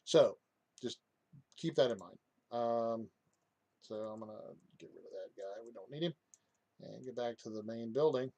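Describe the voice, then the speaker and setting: A man giving a casual software walkthrough, hesitant, with many fillers and restarts. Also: medium pitch, moderate pace, long pauses, no room sound. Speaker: software reviewer. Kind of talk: casual screen-recorded tutorial.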